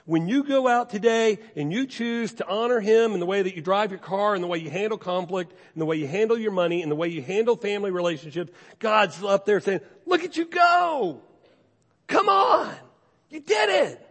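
Male pastor, earnest conversational sermon delivery, voice a touch high, recorded with long reverb in a large hall. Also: fast talker, hardly any pauses. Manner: earnest, conversational exhortation with repeated phrases.

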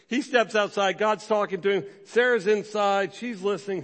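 Animated man preaching in a reverberant hall. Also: high voice. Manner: animated, acts out biblical characters in quick quoted voices. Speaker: pastor. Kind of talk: sermon.

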